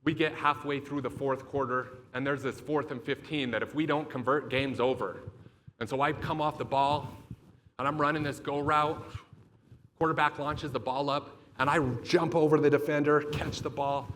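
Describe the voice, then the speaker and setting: A man's voice: a little high, fairly even intonation, moderate pace, a bit bright, a little hiss or hum. A man giving a motivational keynote talk, telling a vivid story with lots of swearing. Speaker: motivational speaker. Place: event stage.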